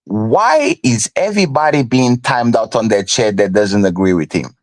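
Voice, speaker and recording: A man's voice: medium pitch, very animated, normal speed. A man co-hosting a live stream, arguing emphatically and checking in with "right?" as he goes. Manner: emphatic, keeps asking "right?". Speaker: stream co-host. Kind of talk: heated live-stream talk.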